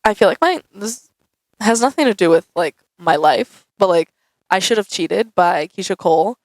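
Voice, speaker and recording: A woman's voice: medium pitch, normal speed, dry recording, low-quality recording. A young woman answering viewer questions in a casual, chatty vlog, saying "like" a lot. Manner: chatty, says "like" often, animated. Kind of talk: casual Q&A chat. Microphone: camera mic.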